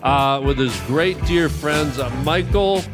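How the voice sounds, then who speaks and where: A man's voice: on the high side, takes it slowly, music in the background. A man hosting a mock podcast, teasing his guest in a mock-formal tone. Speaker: podcast host in clip.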